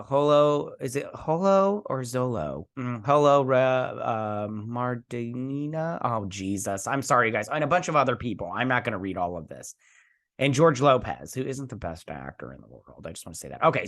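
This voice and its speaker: A man's voice: mid-range voice, sing-song, brisk, fairly bright tone. A man hosting a casual weekly geek news recap, chatty and rambling, tripping over names. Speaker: host.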